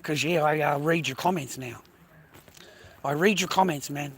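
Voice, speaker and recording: A man livestreaming, ranting angrily at his viewers, swearing a lot and repeating himself, sometimes dropping to a low quiet menace. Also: normal speed, slight background noise. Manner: swears constantly, repeats phrases, berates viewers; drops low and quiet when threatening. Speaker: livestreamer talking to his chat. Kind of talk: angry rant to chat.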